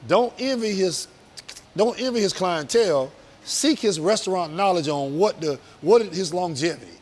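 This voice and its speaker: A man's voice: high-pitched, expressive, normal speed. A man, a business owner talking earnestly and emphatically as an interview guest. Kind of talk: casual interview talk.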